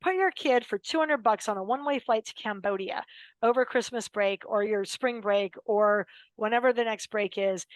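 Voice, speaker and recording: An American woman in her fifties tells a story with emphatic, dramatic delivery and brings quoted lines to life. Her voice sits on the higher side. The sound is close and dry, with no room around it. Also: dry recording, poor audio. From United States. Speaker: podcast guest, lawyer. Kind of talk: personal storytelling in an interview.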